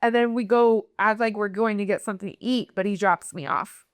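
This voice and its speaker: A woman's voice: mid-range voice, fairly even intonation, fairly quick, clear, resonant tone, dry recording. A young woman from Nebraska, a podcast guest telling her own story in a candid way, acting out the voices of the people she quotes. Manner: candid, acts out quoted voices, many fillers. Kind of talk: personal storytelling in conversation.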